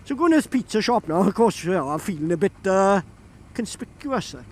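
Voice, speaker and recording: A man's voice: high voice, big pitch swings, brisk, slight background noise. A young Welsh man with a Welsh accent, chatty and laughing as he tells a story casually, outdoors by a road. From Wales. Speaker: vlogger. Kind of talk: casual anecdote.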